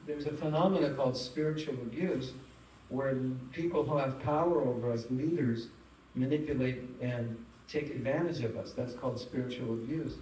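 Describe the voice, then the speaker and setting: A man's voice: medium pitch, dark tone. Guy teaching a spiritual talk, chatty, tosses questions at the crowd, echoey hall mic kinda far. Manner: chatty, engages the audience with questions and funny stories. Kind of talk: spiritual talk to a live audience. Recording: roomy hall, distant mic, faint noise.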